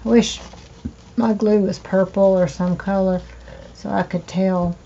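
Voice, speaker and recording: A woman hosting a crafting video, chatting slowly to herself while she trims and glues, with hiccups now and then. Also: medium pitch, steady tone, vocal fry, dark tone. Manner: slow, chatty, talking to herself while working. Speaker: crafting channel host. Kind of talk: casual crafting narration. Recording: dull lo-fi home recording with faint noise.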